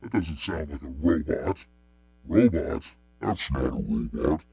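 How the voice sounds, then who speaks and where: A man through a voice changer as a deep robot voice. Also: sing-song, unhurried, creaky, dark tone, slightly rough, full character voice. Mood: playful. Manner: playful demo of mixer voice effects. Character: deep droning male robot voice. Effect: voice changer pitching the voice far down. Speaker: live shopping host. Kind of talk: live-stream product demo.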